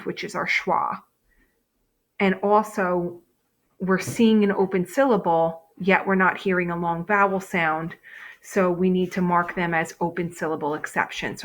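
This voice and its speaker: A woman teacher giving a recorded phonics lesson, explaining step by step with frequent "okay" and "um". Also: lowish voice. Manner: patient, explains step by step, frequent okays and ums.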